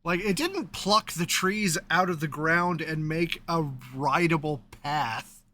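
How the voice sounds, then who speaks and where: A man's voice: on the high side, expressive, slow pace, bright, forceful tone, a little hiss or hum. A man running a tabletop game as game master, laid-back and laughing often.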